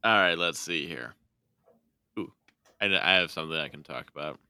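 A Midwestern American man with a very low voice that cuts through with a sharp, bright edge. He jokes and teases his co-host in loose podcast chatter. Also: expressive, moderate pace. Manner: teasing, joking banter. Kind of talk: casual chat.

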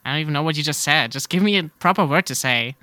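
German guy cohosting a podcast, bright lively tone, kinda high voice, jokes and argues back fast. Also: no room sound. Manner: teasing and quick to argue back. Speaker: podcast co-host. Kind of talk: casual chat.

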